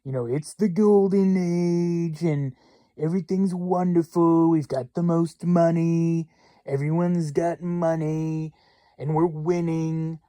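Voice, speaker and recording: A man putting on a smug older politician who brushes off every worry with sweeping boasts. He pitches his voice up and drags out the words. The sound is dry and close. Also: fairly even intonation, slow, dark tone, dry recording. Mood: boastful.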